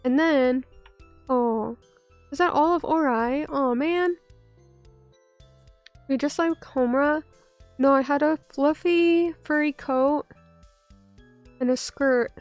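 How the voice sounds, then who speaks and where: A young woman streaming casually while hoarse from bronchitis. She rambles, cuts herself off, swears and talks back to her chat. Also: sits high, takes it slowly, pauses often, soft background music. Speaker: VTuber streamer.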